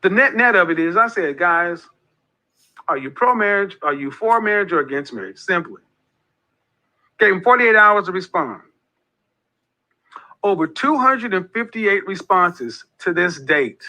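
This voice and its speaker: A man's voice: high voice, sing-song, measured pace, pauses often, sharp tone, rough recording. A man in his forties hosting a casual monologue, talking emphatically and repeating phrases like a preacher. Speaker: host of a men's group talk.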